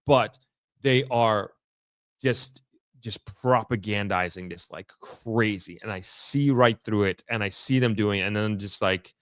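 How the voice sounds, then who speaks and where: Man talking haltingly to camera. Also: on the low side, fairly bright tone, dry recording, studio quality. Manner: halting, restarts often, picks words carefully. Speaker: vlogger giving an on-the-ground update. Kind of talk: casual unscripted talk to camera. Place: in the area the update is about.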